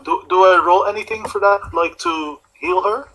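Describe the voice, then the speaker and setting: A man's voice: sits high, normal speed, pushed and bright, a little hiss or hum, poor audio. A man playing a tabletop game, chatting casually and asking hesitant questions. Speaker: player.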